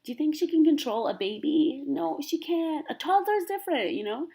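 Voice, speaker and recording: A young woman vlogger from Canada chatting casually to camera, rambling and animated, full of "like". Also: high voice, moderate pace, gravelly.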